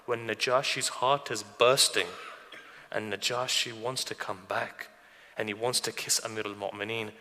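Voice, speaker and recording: A man with a lower voice and a bright, forceful edge preaches to a gathering. He retells old traditions through quoted dialogue and keeps turning to the listeners with questions. A long hall reverb trails after his words. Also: fairly even intonation, normal speed. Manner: addresses listeners directly with questions. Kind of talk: sermon storytelling.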